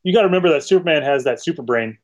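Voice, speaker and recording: A man co-hosting a comic book podcast, dropping quick joking comments into the chat. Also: a little high, lively intonation, highs cut off. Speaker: podcast co-host. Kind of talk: casual chat.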